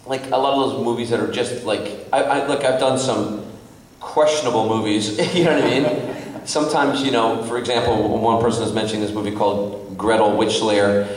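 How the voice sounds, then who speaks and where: A man, an actor guest on a convention panel, telling an animated story to a crowd with lots of laughing and fillers. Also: lowish voice, moderate pace. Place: convention hall panel room. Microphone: distant from the recording mic. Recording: echoey hall from far off.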